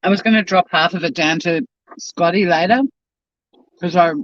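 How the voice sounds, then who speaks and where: This YouTube host's high voice is a bit bright and moves at normal speed, with no echo. He eats during his casual live-stream, rambling with his mouth full, captured by a home camera mic in dull, dry lo-fi audio.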